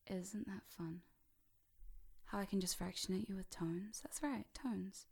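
A woman talks the listener through a hypnosis session in a teasing, mischievous way. Her husky, slightly gravelly voice sinks into a soft whisper for going deeper and comes back up brighter. She sounds playful and a little sly throughout. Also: unhurried.

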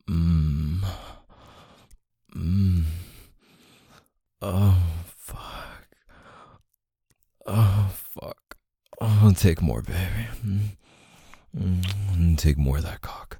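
Deep gravelly man, hushed intimate role-play. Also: no echo, studio quality. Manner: murmured, often whispered, with frequent moans and groans. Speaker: audio role-play performer.

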